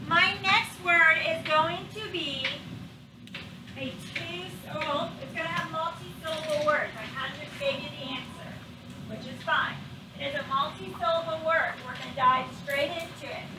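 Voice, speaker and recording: A woman leads a classroom phonics lesson in a very high voice, patiently coaxing answers from her pupils. She is picked up from a distance in an echoing room, with steady background noise around her. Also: normal speed. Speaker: teacher. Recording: echoey classroom, far from mic, background noise.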